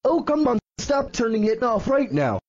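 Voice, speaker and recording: A man doing a shrill, fed-up cartoon dinosaur who scolds in a high, jumpy voice and keeps hammering the same threats over and over. The sound is bone-dry and close, as if from a computer voice. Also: big pitch swings, moderate pace, a little mellow, no echo, highs cut off, full character voice. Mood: scolding. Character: angry purple dinosaur, male, fed up.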